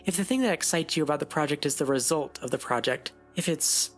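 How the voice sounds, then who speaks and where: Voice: mid-range voice, animated, fast talker, faint music behind. An animator giving casual advice to viewers in a voice-over, sarcastic and rambling, with frequent asides. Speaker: animator and video creator.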